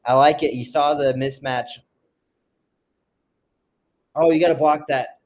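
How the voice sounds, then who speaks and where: A man's voice: a little high, fairly even intonation, a little slow. A man co-hosting a casual live stream, calling plays and chatting about the game in an easygoing way. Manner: easygoing, calls plays, laughs often. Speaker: co-host.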